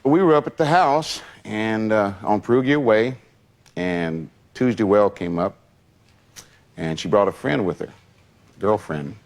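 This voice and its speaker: A man's voice: on the low side, a little slow. An older man telling a personal story in a rambling, casual way, with many asides. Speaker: longtime associate recounting memories.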